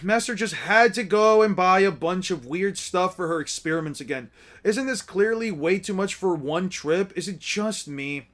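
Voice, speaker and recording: A man's voice: high-pitched, moderate pace, a bit bright. A man reading the lines of a young female witch cadet stuck doing deliveries, in a complaining, put-upon way. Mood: grumbling.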